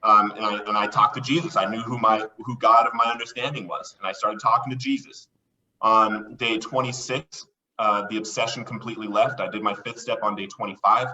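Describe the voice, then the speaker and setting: Excitable man telling his story, bright voice. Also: on the low side, a little fast, far from the mic, highs cut off. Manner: excitable, acts out quoted voices. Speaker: podcast guest. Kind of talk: animated storytelling.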